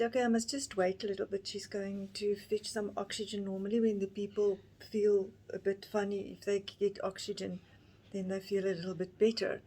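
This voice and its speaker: A woman in her fifties telling her own story to camera in a halting, emotional way, with many restarts. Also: mid-range voice, warm tone, husky. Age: 50s. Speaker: vlogger. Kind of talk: personal storytelling.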